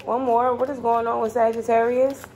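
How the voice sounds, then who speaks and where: A woman gives a casual tarot reading in a fairly high, slightly mellow voice with little pitch movement and a moderate pace. She talks bluntly and chattily, swearing plenty, over slight background noise.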